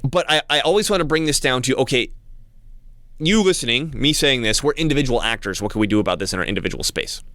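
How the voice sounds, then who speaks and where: A man talking in a casual monologue to his channel's viewers, halting with frequent restarts and repeated words. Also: medium pitch, lively intonation, bright, forceful tone, no room sound. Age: adult with young child. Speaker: channel host.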